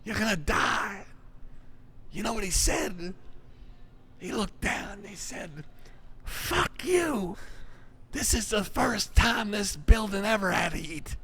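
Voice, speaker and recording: A man imitating a raspy-voiced street comedian man telling a joke to a crowd. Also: sits high, expressive, takes it slowly, long pauses, pushed and bright, slight background noise, voice pushed up, full character voice. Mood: punchline.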